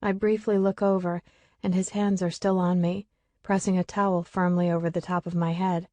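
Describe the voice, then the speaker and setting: A woman's voice: on the low side, level tone, moderate pace, dark tone, no room sound. A woman narrating a first-person audiobook with an emotional, tearful delivery.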